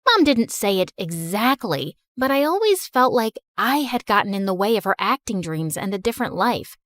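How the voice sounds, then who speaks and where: A woman narrating a first-person animated story in a confessional storytelling manner. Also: mid-range voice, normal speed, dry recording.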